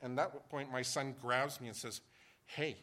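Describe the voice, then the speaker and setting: A man's voice: medium pitch, level tone, fairly quick. A man preaching a sermon, reading scripture and asking the congregation a run of rhetorical questions in a conversational way. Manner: conversational, rhetorical questions, rising to shouts in an acted story. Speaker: pastor.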